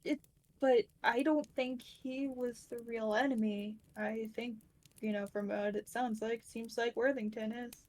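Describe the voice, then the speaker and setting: A woman's voice: a little high, fairly even intonation, a little slow, darkish tone, rough recording. A woman playing in a tabletop role-playing game, talking hesitantly with lots of fillers. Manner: hesitant, many fillers and restarts. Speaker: player.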